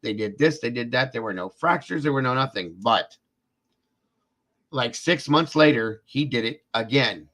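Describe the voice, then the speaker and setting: A man's voice: mid-range voice, lively intonation, normal speed, a bit bright. Rambling man telling a story to viewers. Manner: rambling, repeats himself with fillers like "this and that"; speaks directly to viewers in chat. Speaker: host of a live true-crime show. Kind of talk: casual storytelling on a livestream.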